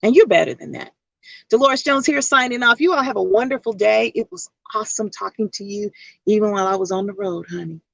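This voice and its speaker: Emphatic, husky-voiced woman life coach. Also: mid-range voice, brisk, a bit bright, no room sound, lo-fi sound. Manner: emphatic, repetitive preaching cadence. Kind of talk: motivational vlog talk.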